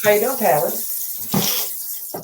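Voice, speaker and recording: A woman's voice: medium pitch, animated, very slow, noisy background. A woman hosting a late-night livestream from home, rambling, laughing and getting drowsy. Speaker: livestream host. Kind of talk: late-night casual chat. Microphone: laptop or phone mic. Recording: echoey room.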